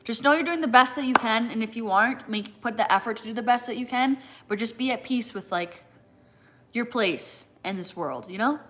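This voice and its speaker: Eating as she goes, this young fitness creator reads out comments from viewers during a relaxed live stream, leaning heavily on "like." Her voice is fairly high and fairly bright, a bit quick, with slight background noise.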